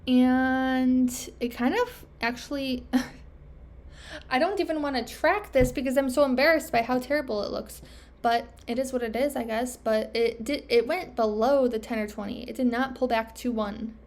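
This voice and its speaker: A woman's voice: high-pitched, moderate pace. A young woman trader thinking aloud over her charts, self-critical and trailing off, losing her voice. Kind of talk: casual self-talk screen recording.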